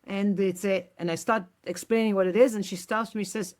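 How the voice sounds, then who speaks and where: A woman guest telling an anecdote in a lively way, acting out the voices of the people in it. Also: mid-range voice, normal speed. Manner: lively, acts out others' words, frequent restarts. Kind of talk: animated storytelling with quoted dialogue.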